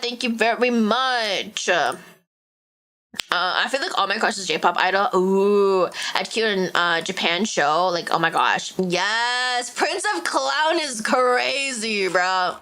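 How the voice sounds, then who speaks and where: Chatty young woman with a valley girl accent. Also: medium pitch. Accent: Valley Girl Californian. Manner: chatty, heavy use of "like", animated. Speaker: VTuber streamer. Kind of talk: casual live-stream chat.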